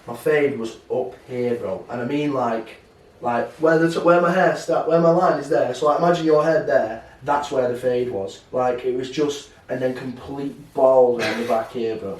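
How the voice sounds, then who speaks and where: A man's voice: medium pitch, normal speed. A young man, co-hosting a podcast and telling stories in a casual, swearing, slangy way. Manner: swearing, animated storytelling slang. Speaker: podcast co-host. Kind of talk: casual chat. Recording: roomy, mic at a distance.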